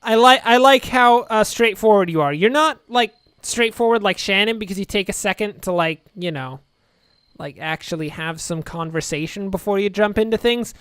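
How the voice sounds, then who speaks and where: A game streamer talks through a story game, reading the lines aloud and cutting in with dry, sarcastic remarks. The voice is smooth and resonant, recorded dry and close to the mic, at an average pitch. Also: a bit bright, no room sound. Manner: sarcastic, wry asides. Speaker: video game let's-play host. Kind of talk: casual game commentary, reading dialogue aloud.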